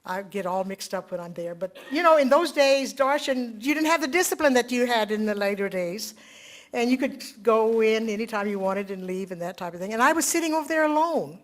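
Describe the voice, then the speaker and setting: An older woman giving a talk to a spiritual group, telling a personal story in an earnest, reflective way that drops quiet and then rises again. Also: on the high side, animated, a little fast. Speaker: speaker at a devotional meeting.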